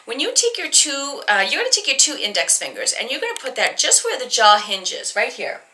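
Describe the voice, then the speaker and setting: Her voice is high and pushed, bright, fairly quick, and swinging hugely in pitch as this Boston woman leads a recorded singing lesson. She chats and explains with frequent ums and restarts, masking her Boston accent behind neutral American speech.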